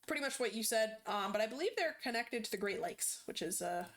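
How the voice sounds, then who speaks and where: A woman's voice: fairly high pitch, expressive, fairly quick. A woman streamer chatting casually as she plays, rambling and hesitant with many ums.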